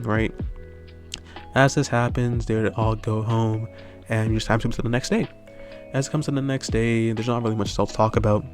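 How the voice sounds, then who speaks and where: A man's voice: on the low side, darkish tone. A man improvising a fan story aloud in a rambling way, full of fillers and tag questions. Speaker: channel host.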